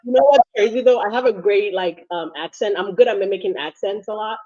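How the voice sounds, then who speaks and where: A woman from Ghana co-hosting a casual livestream chat, a little under the weather, chatty and quick to laugh. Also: mid-range voice, warm tone. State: sick, struggling. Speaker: co-host. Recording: dull lo-fi sound.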